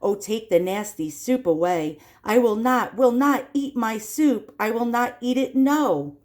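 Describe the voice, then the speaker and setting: Woman putting on a whiny little boy for a storybook reading, higher-pitched and pushy, refusing his soup. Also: unhurried, close to an everyday voice. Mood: stubborn refusal. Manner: whiny, insistent shouting.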